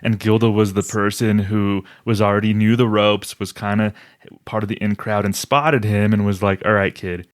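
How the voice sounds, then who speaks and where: A man's voice: fairly low pitch, flat delivery, moderate pace, no echo, clean studio sound. A man in his forties co-hosting a podcast in casual chat, thinking aloud in a reflective way. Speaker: podcast co-host.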